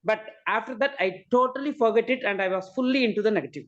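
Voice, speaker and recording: A woman's voice: a little high, fast talker. Hesitant woman on a dull call. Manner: hesitant, many fillers and okays. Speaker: caller asking questions. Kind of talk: asking questions on a group call.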